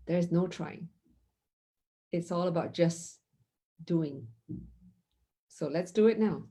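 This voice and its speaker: Slow, gentle woman mindfulness teacher. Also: lowish voice. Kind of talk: guided mindfulness session.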